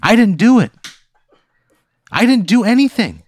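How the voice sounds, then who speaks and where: A man's voice: high voice, lively intonation, a little slow. A man on a comedy podcast, ranting indignantly and cursing in banter. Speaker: podcast co-host.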